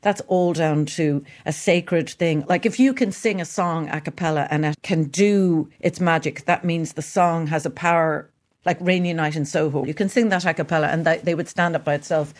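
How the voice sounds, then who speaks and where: An Irish woman talking as a guest in an interview, chatty and lively, laughing often and jumping from thought to thought. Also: low voice, moderate pace. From Ireland. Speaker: guest singer. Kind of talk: casual interview chat.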